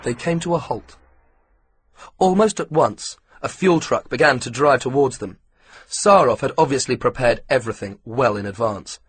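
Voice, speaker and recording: A man reading an audiobook with steady, measured pacing. His voice is husky and breathy, sitting at an ordinary middle pitch. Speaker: audiobook narrator. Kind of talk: scripted narration.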